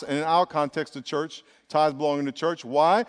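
High-voiced pastor preaching in a hall. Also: male voice, fast, hardly any pauses. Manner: lively, emphatic preaching with call-and-response. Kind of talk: sermon. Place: church sanctuary. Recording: long reverb of a large hall.

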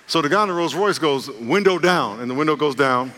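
A man's voice: a little high, fast talker, noisy background. A male pastor preaching a sermon, telling a joking story and acting out its characters before turning to scripture. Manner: jokey, animated storytelling, acts out characters. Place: church hall. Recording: long reverb of a church hall.

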